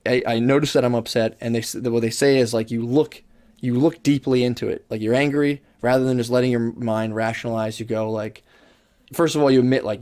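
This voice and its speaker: A young man chatting on a podcast, rambling through long loose explanations. He restarts his sentences often, swears casually and keeps his pitch at an ordinary middle level. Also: steady tone, brisk, darkish tone. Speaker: podcast co-host. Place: podcast studio.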